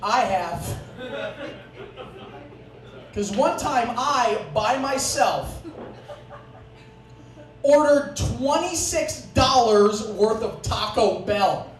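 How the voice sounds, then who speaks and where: On a club stage, a young comedian delivers a profane, sarcastic stand-up set full of deadpan asides, speaking in a very high-pitched voice, very slowly, with long pauses. The club recording sounds distant and echoey, and the audience can be heard.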